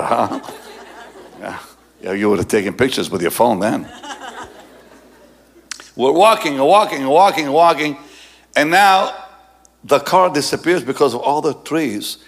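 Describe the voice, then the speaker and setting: A male pastor telling a story in a sermon, animated and often laughing, and dropping low and soft for the serious parts. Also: a little hiss or hum.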